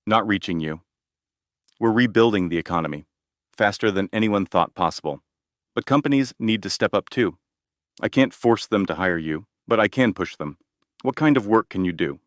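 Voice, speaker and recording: A man's voice: on the low side, expressive, moderate pace, no room sound, clean studio sound, close to an everyday voice. A man reading the lines of a blunt, boastful older male president, in a direct manner full of superlatives. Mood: insistent.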